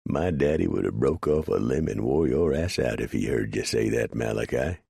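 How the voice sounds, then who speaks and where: A man voicing a blunt, rough frontier mountain man who drawls in backwoods grammar with dry sarcasm. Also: a bass voice, lively intonation, normal speed, warm tone, no room sound, full character voice. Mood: gruff.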